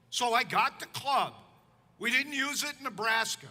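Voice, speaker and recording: A pastor from Chicago telling a sermon story in an animated, humorous, exasperated way. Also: male voice, very high-pitched, moderate pace, long reverb tail. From Chicago, United States. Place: church sanctuary.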